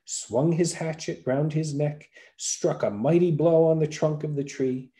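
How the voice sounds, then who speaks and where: Dark, mellow male storyteller. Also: fairly high pitch. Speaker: podcast storyteller. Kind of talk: folktale read-aloud narration.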